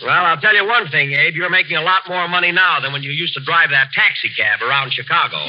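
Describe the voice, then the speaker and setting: A man's voice: fairly high pitch, quick pace. A man hosting a 1940s radio comedy, vain and indignant, hesitating with uh's. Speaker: comedian host. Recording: dull old radio broadcast.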